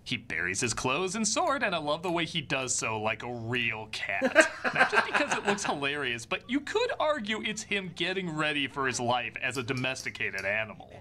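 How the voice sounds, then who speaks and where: A man's voice: medium pitch, huge pitch swings, normal speed, few pauses, sharp tone. A young man narrating a scripted film review in an enthusiastic, wry way. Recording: voice-over with faint music.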